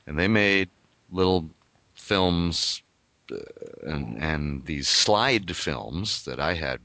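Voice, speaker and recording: A man's voice: rumbling low, expressive, slow, creaky, pushed and bright, no echo. An older man, a voice actor, talking thoughtfully and explaining his craft in an interview. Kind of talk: reflective interview talk.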